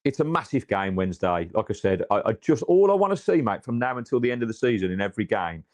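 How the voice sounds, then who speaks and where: An English podcast co-host rambles casually about his football club, with plenty of restarts and fillers. He talks fast in a lowish, darkish voice with big pitch swings, on a dry recording.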